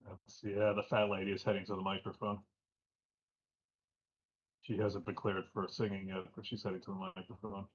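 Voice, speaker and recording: A man co-commentating a live backgammon stream, making quick wry wisecracks. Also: low-pitched, level tone, husky, dull audio.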